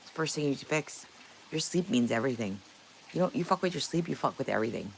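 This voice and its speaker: A middle-aged woman from Canada talks to her livestream chat, blunt and quick to laugh, swearing as she goes. Her voice is low and gravelly, and her pitch swings widely. A faint hiss of room ambience sits behind her. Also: expressive. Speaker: livestream host. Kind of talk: casual livestream chat with viewers.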